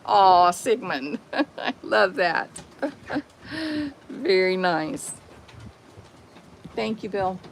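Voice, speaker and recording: A chatty woman with a drawl talks in a slow, unhurried way, her pitch rising and falling in lively swoops. She is vlogging outdoors, and a steady hiss of noise sits under her voice. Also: vocal fry, poor audio. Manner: chatty, talks to her pets, laughs often. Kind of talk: casual live-stream chat.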